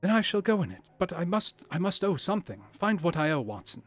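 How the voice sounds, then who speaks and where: A man's voice: high-pitched, big pitch swings, fairly quick, voice pushed up. A man voicing a drug-dazed, frantic young man who talks in a shaky, pleading way, over faint background music.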